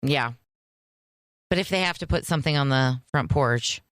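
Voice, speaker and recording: A woman's voice: extremely low pitch, moderate pace, dry recording. A woman co-hosting a casual podcast chat, matter-of-fact and understated as she brings up news items. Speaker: podcast co-host.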